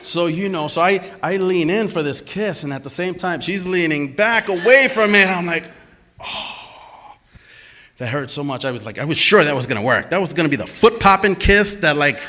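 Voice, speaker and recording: A man telling a true story at a live storytelling event, animated and emphatic, acting out the dialogue as he goes. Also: fairly high pitch, normal speed.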